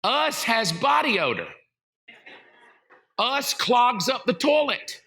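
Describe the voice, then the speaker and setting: A middle-aged man with a Southern US accent, a pastor preaching a sermon full of funny stories, animated and self-mocking. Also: extremely high pitch, takes it slowly. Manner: animated, self-mocking, acts out voices and sounds. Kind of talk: comedic sermon storytelling. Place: church sanctuary.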